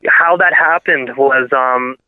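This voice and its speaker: A man, a radio DJ, telling a story in a casual interview, excitable and rambling, often restarting his sentences. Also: mid-range voice, takes it slowly, no room sound. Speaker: radio DJ and podcast guest. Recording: dry phone-like audio.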